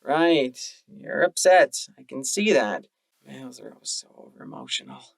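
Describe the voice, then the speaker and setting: A man's voice: mid-range voice, wildly swooping pitch, normal speed, no echo. A man voicing a callous young mare security guard in an audiobook, offhand and crude.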